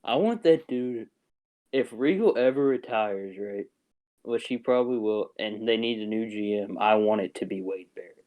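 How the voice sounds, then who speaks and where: A man's voice: lowish voice, moderate pace, phone-quality sound. A young man co-hosting a podcast, chatting casually and joking loosely, laughing often. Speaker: podcast co-host. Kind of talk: casual chat.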